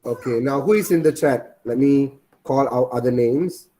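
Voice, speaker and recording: A man's voice: mid-range voice, moderate pace, mellow, a little hiss or hum. A man teaching an online class over a video call, repeating his points and quizzing the students.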